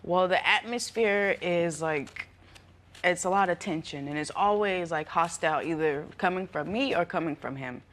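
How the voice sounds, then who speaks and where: Young woman on a tv court show, chatty, says like constantly, lowish voice. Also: moderate pace, a bit bright, a little hiss or hum. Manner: chatty, heavy use of "like". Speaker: litigant. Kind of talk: casual testimony on a TV court show.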